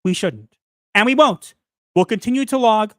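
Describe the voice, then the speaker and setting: Animated male podcast co-host. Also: high-pitched, moderate pace, no echo, clean studio sound. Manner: animated, ranting, playful. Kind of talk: casual chat.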